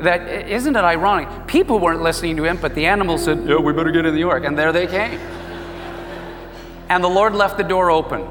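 A man preaching a sermon as a pastor, telling stories in an animated way and acting out the voices in them. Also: fairly high pitch, brisk, long reverb tail, over music. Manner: animated storytelling, acts out quoted voices.

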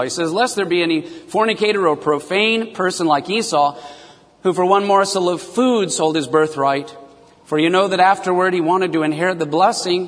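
A man's voice: fairly high pitch, long reverb tail. A male pastor preaching earnestly, acting out biblical dialogue in a raised voice. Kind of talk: radio sermon.

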